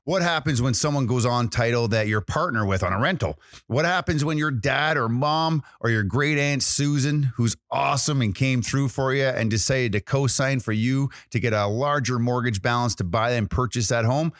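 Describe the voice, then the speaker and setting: A man's voice: mid-range voice, moderate pace, hardly any pauses, a bit bright, dry recording, studio quality. A man hosting a podcast in a casual, chatty way, full of fillers and restarts. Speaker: podcast host.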